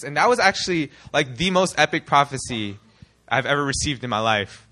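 Bright-voiced young man preaching. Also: a little high, brisk. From United States. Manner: animated, rhetorical questions to the congregation. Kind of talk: sermon.

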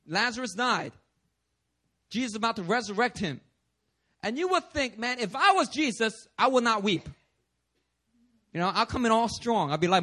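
A man preaching a sermon, animated, acting out voices and laughing often. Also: high-pitched, moderate pace, pauses often. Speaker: pastor.

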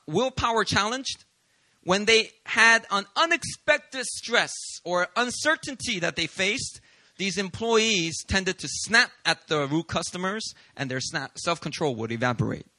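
Male pastor, sermon delivery, animated and self-deprecating, very bright tone. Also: high-pitched, no room sound. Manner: animated, confessional storytelling with humor.

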